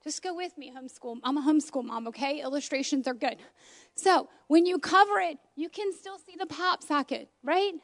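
A woman, a homeschool mom, giving an informal, passionate, exclamatory sermon into her phone at home. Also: sits high.

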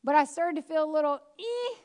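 A woman preacher giving a lively, chatty sermon with self-deprecating asides. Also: high-pitched, fairly quick. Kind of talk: conversational sermon.

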